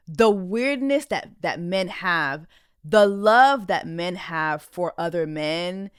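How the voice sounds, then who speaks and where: A woman's voice: fairly low pitch, fairly bright tone, clear, resonant tone, dry recording. Woman host, reaction commentary, blunt and indignant, conversational, dry close sound. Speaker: podcast host. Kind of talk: reaction commentary on a reality show clip.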